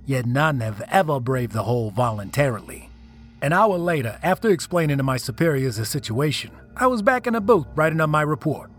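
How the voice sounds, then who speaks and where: A man's voice: mid-range voice, fairly bright tone. A man reading a first-person horror story as a scripted narration, telling it dramatically and swelling on the tense moments.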